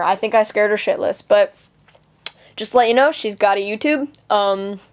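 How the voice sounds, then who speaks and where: A teenage girl venting a personal story to camera, indignant and swearing freely, with lots of fillers and restarts. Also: mid-range voice. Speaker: vlogger.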